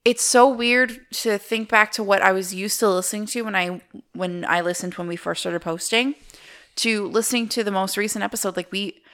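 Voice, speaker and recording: A woman co-hosting a podcast in casual chat, with a soft, smooth voice, chatty and prone to tangents. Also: medium pitch, normal speed. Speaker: podcast co-host.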